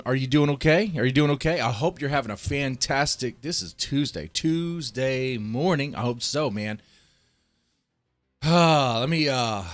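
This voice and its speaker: A man from Texas ranting on a livestream, profane and heated, swinging between loud outbursts and low muttering. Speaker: streamer. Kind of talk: livestream rant.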